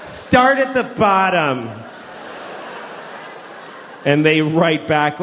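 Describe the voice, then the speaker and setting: A man doing a stand-up comedy routine with an animated, profane, exasperated delivery. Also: on the high side, measured pace, long pauses, a little hiss or hum. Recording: reverberant hall, faint ambience.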